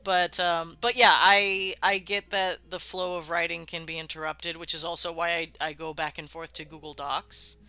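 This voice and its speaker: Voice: mid-range voice, level tone, normal speed, few pauses, sharp tone, clear, resonant tone, faint music behind. A streamer hosting a live worldbuilding show, chatting loosely with viewers and swearing freely. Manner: loose and casual, swears freely, many fillers. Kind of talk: casual live-stream chat, answering viewer comments.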